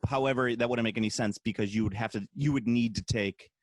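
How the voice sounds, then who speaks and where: A man's voice: mid-range voice, steady tone, fast talker, dry recording. An American man co-hosting a podcast, a little drunk, rambling in casual chat with many restarts and laughs. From United States. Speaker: podcast co-host.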